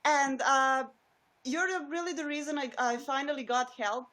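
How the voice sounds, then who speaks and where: Woman caller, Eastern European accent, non-native English speaker, hesitant and earnest, slightly high voice. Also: fairly even intonation, moderate pace, a bit bright. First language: not English. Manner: hesitant, many fillers and restarts, earnest. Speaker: caller on a live stream.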